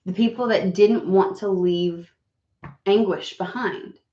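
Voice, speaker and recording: A woman's voice: mid-range voice, takes it slowly, mellow, dull audio. Sniffly woman tarot reader, roomy sound. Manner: rambling, swearing, many fillers. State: recovering voice, sniffly. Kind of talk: casual chat and card reading.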